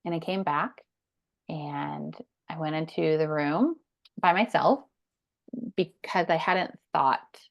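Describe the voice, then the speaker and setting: A woman in her thirties tells her story as a podcast guest, earnest and emphatic. Her voice sits low with a gravelly edge. The recording sounds dull and lo-fi. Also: takes it slowly. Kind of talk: personal story in a podcast interview.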